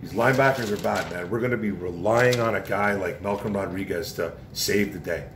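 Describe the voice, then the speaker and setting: A sports podcast host with a low, brisk voice runs a casual football commentary show, giving blunt, opinionated takes and often repeating his points. The room is echoey, with faint noise in the background.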